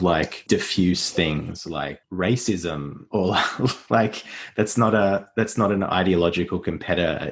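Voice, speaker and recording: Man, low pitch, podcast chat, thoughtful, lots of fillers. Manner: thoughtful, filler-heavy analysis. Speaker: podcast panelist. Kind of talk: casual book discussion.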